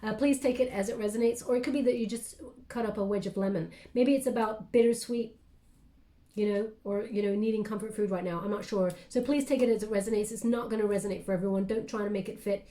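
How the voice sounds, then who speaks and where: A woman giving a casual, affectionate tarot card reading to her viewers, talking gently with plenty of fillers. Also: medium pitch, steady tone, fast. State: briefly tearful then composing herself.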